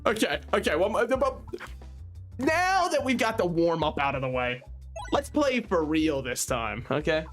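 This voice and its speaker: A young man talks fast and loose over a game stream, riffing and swearing as he plays. His voice sits on the higher side for a man. Quiet game music plays behind him. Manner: joking, rambling, animated, swears freely. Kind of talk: casual gaming stream chatter.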